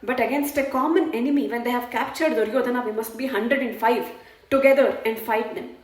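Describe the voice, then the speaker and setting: Storyteller, woman, high voice, echoey room, earnest and explanatory. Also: brisk. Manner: earnest, explains morals, voices characters lightly. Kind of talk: retelling epic stories with commentary.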